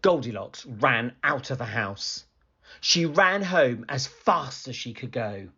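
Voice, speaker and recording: A man reading a children's picture book aloud in an animated, expressive storytelling manner. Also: mid-range voice, slow, slightly rough, lo-fi sound.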